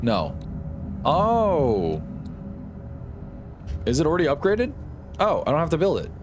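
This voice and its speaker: A man streaming live gameplay, talking to himself in excitable bursts, swearing and jumping up into high-pitched yelps. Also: takes it slowly. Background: game music.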